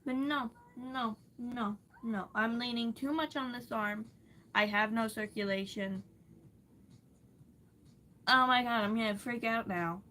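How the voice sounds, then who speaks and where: A woman's voice: on the high side, steady tone, a little slow, long pauses, pushed and bright, slight background noise, poor audio. A young adult woman ranting casually to camera, rambling and swearing freely. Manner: profane, rambling, exasperated. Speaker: vlogger.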